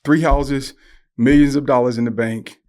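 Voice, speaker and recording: An older man, a guest on a podcast interview, telling animated stories and acting out the voices he quotes. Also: medium pitch, moderate pace. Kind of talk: conversational interview.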